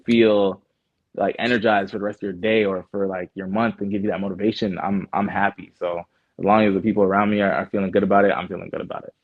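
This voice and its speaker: A man's voice: deep voice, level tone, fast talker, dry recording. A young Canadian man, a guest artist, chatting in a laid-back way with lots of fillers and restarts. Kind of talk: casual interview chat. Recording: muffled phone-like sound.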